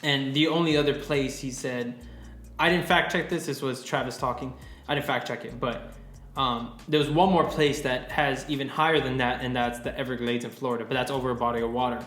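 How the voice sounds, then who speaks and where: A man's voice: mid-range voice, fairly even intonation, brisk, fairly bright tone. A man in his twenties co-hosting a podcast in casual chat, rambling with lots of swearing and fillers. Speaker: podcast co-host. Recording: roomy, faint music.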